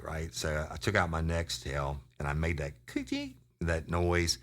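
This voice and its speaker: A retired sheriff's deputy, telling a crime story in a blunt, profane, animated way. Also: male voice, extremely low pitch, unhurried.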